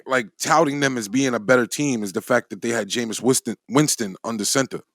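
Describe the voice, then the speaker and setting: A man co-hosting a podcast, explaining sports points in a measured, casual way. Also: medium pitch, dry recording, clean studio sound. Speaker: podcast co-host.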